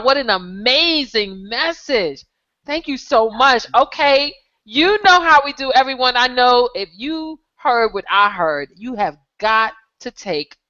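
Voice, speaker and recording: High bright-voiced lady host, super excited, reading out comments, muffled lo-fi audio. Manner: excited, exclaiming, reads viewer comments aloud. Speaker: show host. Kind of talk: live online show chat. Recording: dull lo-fi sound.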